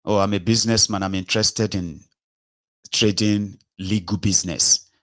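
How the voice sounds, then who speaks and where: A Nigerian man with a Nigerian accent and a low-pitched voice delivers a political monologue as its host. He argues with force, circles back on his points and keeps asking the listener whether they follow. The sound is dry, with no room in it. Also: fairly even intonation, normal speed, fairly bright tone, no room sound. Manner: emphatic, argumentative, repeats rhetorical questions to the listener.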